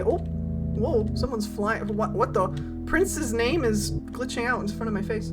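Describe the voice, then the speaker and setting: A young woman streaming a horror game, excitable, laughing often and swearing casually. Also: fairly high pitch, unhurried, music in the background. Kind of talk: casual gameplay commentary.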